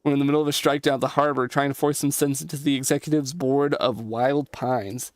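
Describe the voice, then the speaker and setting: A man's voice: mid-range voice, fairly even intonation, fast, hardly any pauses, dry recording. A young man streaming a game, reading the dialogue aloud and joking between lines. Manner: reads text aloud, jokes and comments between lines.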